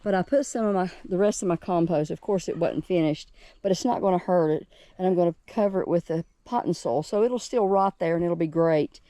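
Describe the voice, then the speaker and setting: A woman's voice: on the low side, fairly quick, warm tone, no echo. A woman from West Virginia, giving a chatty, cheerful tour of her home garden outdoors and talking straight to her viewers. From West Virginia, USA. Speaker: gardening vlogger. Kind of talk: casual garden tour vlog.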